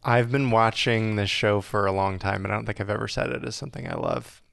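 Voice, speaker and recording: A man co-hosting a podcast, talking about a show in a relaxed, rambling way. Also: on the low side, brisk, creaky. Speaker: podcast co-host. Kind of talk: casual chat.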